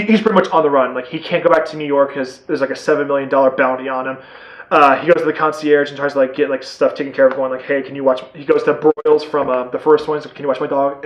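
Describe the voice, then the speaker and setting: Rambling, excitable man in an echoey room. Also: fairly high pitch. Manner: rambling and excitable, heavy on "like", casual swearing. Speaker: movie reviewer. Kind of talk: casual spoiler-filled movie review.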